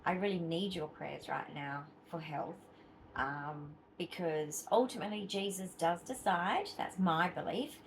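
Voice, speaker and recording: A woman's voice: fairly low pitch, measured pace, gravelly, slight background noise, rough recording. Chatty Australian woman vlogging. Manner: chatty, rambling, with frequent fillers and asides. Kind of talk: casual chat to camera.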